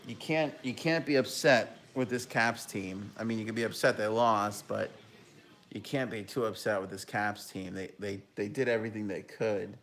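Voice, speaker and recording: A young man hosting a live hockey talk stream, reacting to a game and reading viewer comments, with bursts of loud enthusiasm. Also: on the low side, steady tone, moderate pace.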